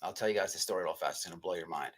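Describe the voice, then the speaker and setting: A man's voice: deep voice, racing, rough recording. A man telling a rambling, profanity-laced story to his livestream audience as the show's host. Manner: rambling, repeats himself, swears often. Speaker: podcast host.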